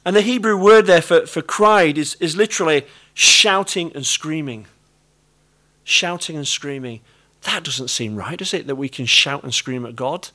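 A middle-aged man with a British accent gives a sermon. His voice sits a little high, and he talks in an earnest, conversational way, often repeating his key phrases. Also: moderate pace, sharp tone. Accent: British English. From Britain. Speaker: preacher.

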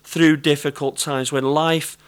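A middle-aged man with a British accent gives a sermon. His voice sits a little high, and he talks in an earnest, conversational way, often repeating his key phrases. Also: flat delivery, unhurried, smooth. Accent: British English. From Britain. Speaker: preacher.

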